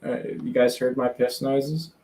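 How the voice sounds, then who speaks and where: A man's voice: medium pitch, steady tone, measured pace, a loud crowd. A man co-hosting a casual film review podcast, making dry, self-mocking jokes. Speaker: podcast co-host.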